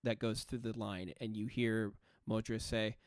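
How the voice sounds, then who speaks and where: A man's voice: fairly low pitch, little pitch movement, unhurried, dry recording, clean studio sound. A man narrating a tabletop role-playing game as game master, describing scenes with frequent filler sounds.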